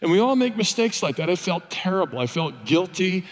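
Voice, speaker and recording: A man's voice: high-pitched, sing-song, fairly quick. An older man preaching a sermon, telling stories in a conversational, wry, self-deprecating way. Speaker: pastor. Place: church sanctuary. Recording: long church reverb.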